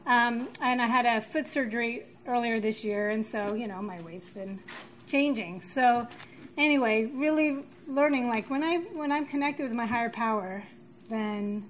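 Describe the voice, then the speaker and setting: Woman, slightly high voice, halting heartfelt share at a recovery meeting, light room noise. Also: low-quality recording. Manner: halting, many fillers and restarts.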